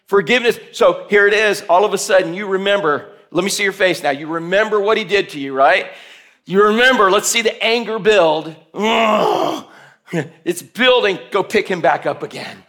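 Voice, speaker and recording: A man's voice: sits high, fairly quick. A man preaching a sermon, running a hands-on demonstration with volunteers and firing questions at the congregation. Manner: animated, coaxing volunteers, calling out questions to the room. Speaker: pastor.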